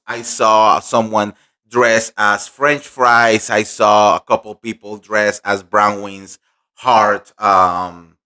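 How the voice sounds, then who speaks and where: A young man recapping a fan convention in casual, gossipy chat, animated and full of fillers. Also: lowish voice. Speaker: pop culture vlogger.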